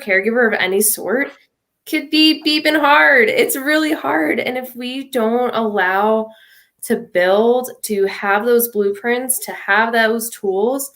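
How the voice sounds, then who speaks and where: A woman's voice: a little high, a bit bright. A woman working as a mindfulness coach for mothers, speaking as a podcast guest in an encouraging, affirming way. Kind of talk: casual conversation.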